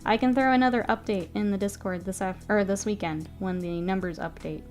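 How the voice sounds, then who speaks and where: A woman streamer chatting casually with her live chat while she works, often murmuring softly, laughing easily, with a stuffy nose. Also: medium pitch, steady tone, fairly quick, soft background music.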